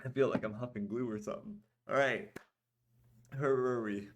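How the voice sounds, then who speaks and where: A man reading his own fantasy story aloud as a storyteller, expressive, and breaking now and then into casual asides. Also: mid-range voice, moderate pace, muffled recording, background noise. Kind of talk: storybook narration.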